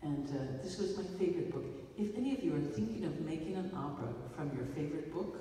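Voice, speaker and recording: A woman with a mellow, dark-toned voice tells a loose, wry story from a theater stage. She is heard from far off in a big, echoing hall, with faint noise underneath. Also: low-pitched, expressive, fast. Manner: wry, rambling storyteller with playful asides. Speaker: filmmaker speaking after a screening. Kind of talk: stage talk to an audience.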